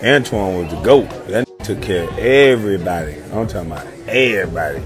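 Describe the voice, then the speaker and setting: Over music, a deep-voiced man in his thirties talks briskly and animatedly in a casual chat. Once a pro athlete, he's playful and slangy, repeating himself and laughing along the way.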